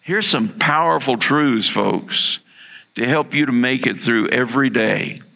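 A man preaching a sermon as pastor, earnest and repeating key lines for emphasis, with a gravelly voice. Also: medium pitch, unhurried, bright, forceful tone, lo-fi sound.

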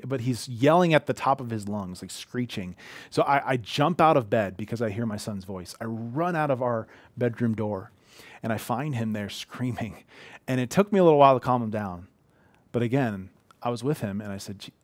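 This pastor, in his thirties, preaches from his living room in an earnest, conversational way, telling heartfelt personal stories. His voice is mid-range and a little fast, with no echo.

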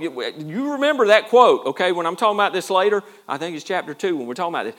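Folksy pastor with a higher voice. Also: male voice, fairly bright tone. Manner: folksy and self-deprecating, with many repeated words. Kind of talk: sermon. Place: church.

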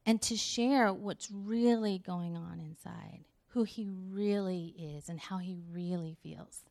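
A woman's voice: on the low side, slow pace, vocal fry, darkish tone. A middle-aged woman giving a conversational sermon, telling a story with acted-out dialogue and laughter. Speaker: speaker.

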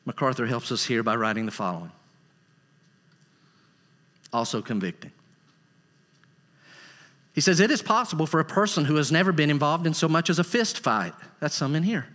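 A man preaching a sermon as a pastor, emphatic and rising into high, excited bursts. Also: normal speed, long pauses. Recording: long reverb of a large hall.

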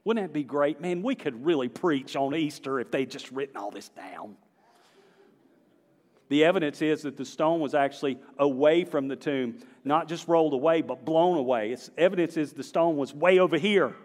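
Pastor guy preaching, kinda high voice, gets loud and animated, big reverby church hall. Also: moderate pace. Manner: animated, rising to emphatic exclamations. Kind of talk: sermon.

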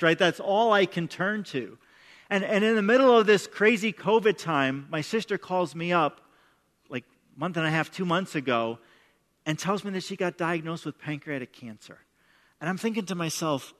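With a high, slightly bright voice and lively intonation, a middle-aged man preaches as pastor at a moderate pace. He speaks emphatically and conversationally, frequently repeating words to open sentences, under the long reverb of a large hall.

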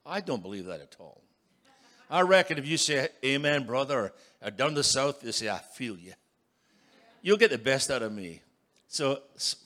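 A man in his sixties preaching as a guest speaker, emphatic and building to loud calls for an amen. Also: mid-range voice. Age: 60s. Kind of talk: sermon.

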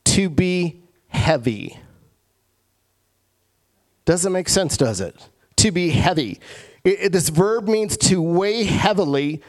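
A man preaching as pastor of his church, emphatic, repeating key phrases and slowing down to stress them. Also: on the high side. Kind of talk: sermon.

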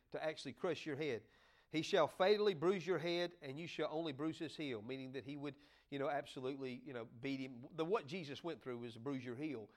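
A man preaching a folksy, humorous sermon with sudden loud bursts. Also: fairly high pitch. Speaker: pastor.

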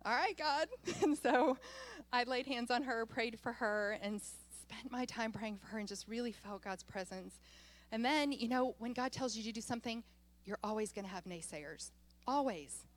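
Her voice sitting on the high side at a moderate pace, a woman pastor turns her sermon into a lively personal story. She speaks with animation and frequently breaks into laughter as she goes.

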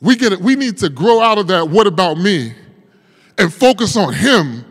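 High-voiced pastor preaching in an echoing hall. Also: male voice, sing-song, moderate pace. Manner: emotional storytelling, swings from hushed to loud. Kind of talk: sermon.

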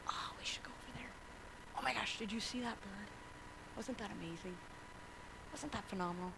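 A woman voicing Jesus as a gentle male guide, pointing things out in an eager, hushed way. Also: fairly high pitch, fairly quick, noisy background, close to an everyday voice. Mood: whispering.

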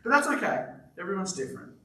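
Pastor, male, high bright voice, animated storyteller, echoey church hall mic at a distance. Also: quick pace, a little hiss or hum. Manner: animated storytelling with playful asides. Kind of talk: sermon. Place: church auditorium with live congregation.

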